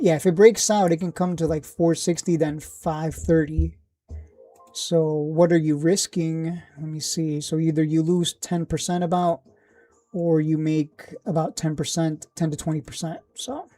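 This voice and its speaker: A man hosting a live stock chat, answering viewers with blunt verdicts and jokes. His voice is mellow and on the darker side. He often trails off mid-thought and circles back. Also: a little high, dry recording. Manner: blunt, joking, laughs often, trails off and restarts. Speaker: stock market livestream host.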